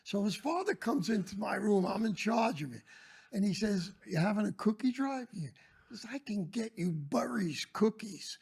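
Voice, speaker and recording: An older man, a former teacher, telling animated stories in casual chat and raising his voice when he quotes people. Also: sits high, moderate pace, creaky, slightly rough. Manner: animated, raises voice for quoted lines. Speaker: former schoolteacher guest. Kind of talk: casual storytelling.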